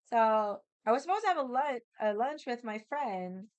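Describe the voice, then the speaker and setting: A woman's voice: on the high side, animated, moderate pace, hardly any pauses, no room sound. Chatty woman. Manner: chatty, rambling, lots of "like" fillers. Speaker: vlogger. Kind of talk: casual storytelling chat.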